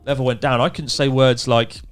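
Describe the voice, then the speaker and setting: A British man co-hosting a podcast, telling lively anecdotes with playful impressions in casual chat. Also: medium pitch, brisk, smooth, soft background music. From England. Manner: animated storyteller, playful impressions. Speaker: podcast co-host.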